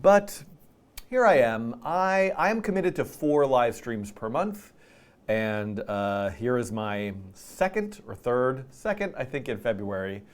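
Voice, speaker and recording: A man's voice: medium pitch, expressive, slow. Tired, playful male live-stream host. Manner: playful, rambling, self-deprecating. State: tired and out of breath. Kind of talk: casual live-stream chat.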